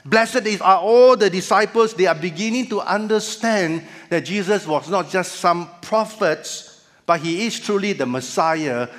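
A man preaching a sermon as pastor, measured with emphatic rises. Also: high voice, a bit bright. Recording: church hall reverb.

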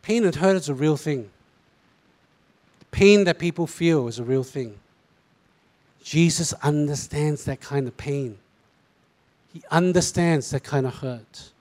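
A middle-aged pastor with a Singaporean English accent, preaching a sermon and acting out quoted voices. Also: male voice, a little high, takes it slowly, pauses often. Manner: animated, mimics voices in asides.

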